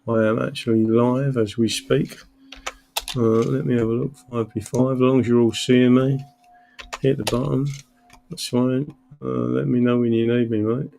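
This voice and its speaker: A man's voice: mid-range voice, level tone, normal speed, gravelly, mellow. A tired man from England hosting a casual livestream, greeting viewers by name and rambling with many fillers. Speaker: livestream host. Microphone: computer mic, camera off.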